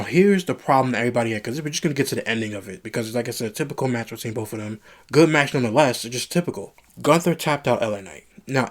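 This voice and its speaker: A man reviewing a wrestling show on his own channel, ranting in frustration and repeating himself. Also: medium pitch. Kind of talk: solo review commentary.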